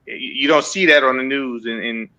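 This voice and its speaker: A man's voice: medium pitch, normal speed. A man, a long-distance motorcycle rider, telling stories in a casual podcast chat and acting out what people said to him. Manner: animated storyteller who acts out what others said.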